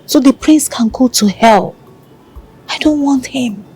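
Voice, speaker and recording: A woman's voice: sits high, a little slow, dark tone, husky, soft background music, heavily acted, poor audio. An actress with a Nigerian accent playing a devoted young heiress who reassures her lover in a film drama. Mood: tender. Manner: tender, reassuring, shifts into pidgin.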